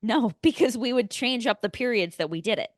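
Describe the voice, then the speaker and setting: A woman co-hosts a movie podcast, telling stories with lots of energy and acting out other people's voices. Her pitch is fairly high and her pace a little quick. The recording is dry, with clean studio sound.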